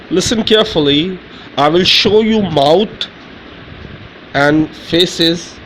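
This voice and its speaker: A man teaching letter sounds in a lesson, repeating each one slowly and explaining in simple, halting English. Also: sits high, fairly bright tone, a little hiss or hum, rough recording. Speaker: Urdu teacher. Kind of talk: slow pronunciation lesson.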